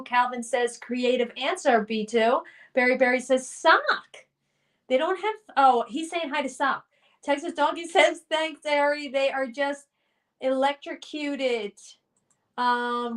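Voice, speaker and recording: A woman with a high, bright-pitched voice hosts a relaxed live stream and reads out viewer comments. She talks in an unhurried, chatty and upbeat way. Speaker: livestream host. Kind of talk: casual chat reading live comments.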